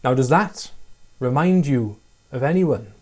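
Earnest male preacher, mellow voice. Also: mid-range voice, expressive, unhurried. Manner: earnest, asks rhetorical questions, reads scripture aloud. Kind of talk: sermon.

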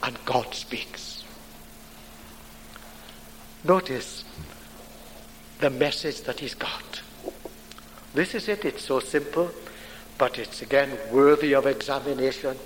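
A man preaching a sermon in a deliberate, emphatic way with dramatic pauses. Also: mid-range voice. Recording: long hall reverb, faint background noise.

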